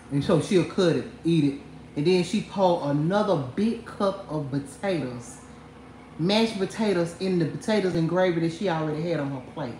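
A woman's voice: on the low side, expressive, a little slow, a little mellow, a little hiss or hum. A woman hosting a livestream, mocking someone and laughing as she talks straight to her viewers. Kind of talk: trash-talking livestream rant. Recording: echoey room.

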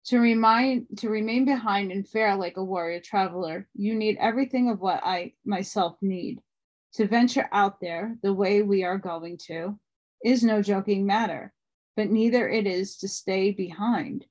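Calm old sorcerer teacher, firm and steady, audiobook reading, woman reading him. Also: mid-range voice, moderate pace, close to an everyday voice.

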